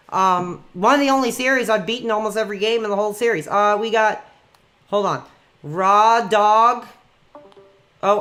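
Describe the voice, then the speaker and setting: A man hosts a livestream and takes callers, voice pitched fairly high with a bright, sharp edge. He talks in an excitable way, repeating his lines. He swaps in mild stand-in swears. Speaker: livestream host taking calls. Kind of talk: hyped call-in livestream chat.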